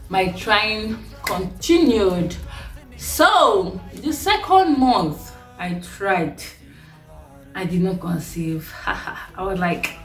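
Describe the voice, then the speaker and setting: Nigerian lady vlogging, lively n laughing a lot, voice kinda far from the mic, roomy echo, soft music behind. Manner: animated, laughing often, with sharp swings in pitch. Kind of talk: personal storytelling vlog. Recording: echoey room, voice a bit far from mic, faint music.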